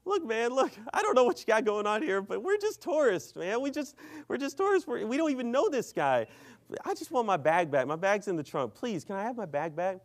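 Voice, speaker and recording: A man's voice: high-pitched, animated, fairly quick, hardly any pauses, pitched above the performer's own voice. A man acting as a frantic pleading young man.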